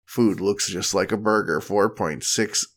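A man's voice: fairly low pitch, measured pace. A man co-hosting a podcast, chatting casually and reading product reviews aloud in a wry, mock-earnest way. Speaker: podcast co-host.

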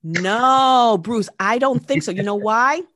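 A woman's voice: on the high side, slow pace, a bit bright, no room sound, clean studio sound. A woman in a casual podcast chat, upbeat and encouraging.

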